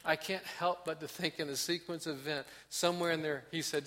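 High, bright-voiced preaching man. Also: steady tone, brisk, hardly any pauses. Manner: impassioned preaching, acts out prayers, drops to soft emphasis. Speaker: pastor. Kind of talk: sermon.

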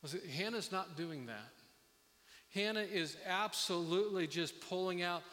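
Earnest pastor in an echoing hall. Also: male voice, high-pitched, pushed and bright. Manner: earnest, halting with many restarts. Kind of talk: sermon. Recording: long reverb of a hall.

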